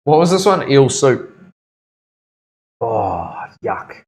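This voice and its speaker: A man's voice: mid-range voice, sing-song, very slow, vocal fry, a little mellow. A man with a New Zealand accent hosting a tattoo livestream in a studio, joking, laughing often and reading the chat aloud. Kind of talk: casual livestream banter.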